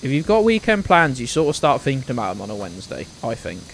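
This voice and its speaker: A man's voice: medium pitch, wildly swooping pitch, fast talker, vocal fry, fairly bright tone, slight background noise. A man in his twenties chatting casually on a live game stream, rambling, swearing now and then and greeting viewers by name. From United Kingdom. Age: 20s.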